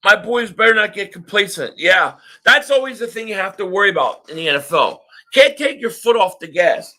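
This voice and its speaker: High, bright-voiced man ranting live. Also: brisk. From Philadelphia area. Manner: excitable, often shouting and ranting. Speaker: live stream sports reaction host. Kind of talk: live game reaction rant.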